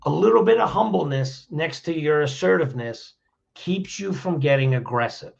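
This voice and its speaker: A man's voice: on the high side, expressive, normal speed, gravelly. Plainspoken man with a muffled sound. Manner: repeats words, restarts phrases, plainspoken. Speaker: guest on a podcast. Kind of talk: conversational advice on handling anger.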